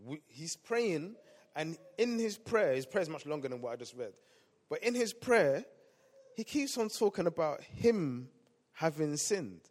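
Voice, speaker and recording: A male pastor preaching a sermon, swinging between loud emphatic lines and quiet asides. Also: fairly high pitch, very animated, a little slow. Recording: long hall reverb.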